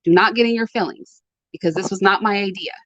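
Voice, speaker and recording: A woman's voice: medium pitch, quick pace, a bit bright, no echo, muffled recording. A woman, hosting her own commentary channel and speaking to her audience with emphatic, repeated warnings. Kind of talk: direct-to-camera commentary.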